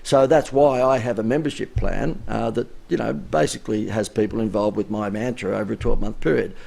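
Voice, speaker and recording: A man's voice: lowish voice, steady tone, a little fast, creaky, darkish tone. A man giving a chatty, emphatic live-streamed business coaching talk, his voice wearing out. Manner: chatty, emphatic, rising inflection.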